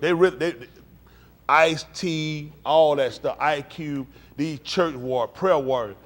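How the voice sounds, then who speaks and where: A man's voice: fairly high pitch, slow pace. A man preaching a live-streamed sermon in an emphatic, conversational style, drawing call-and-response from his congregation. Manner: animated, swings between quiet and loud.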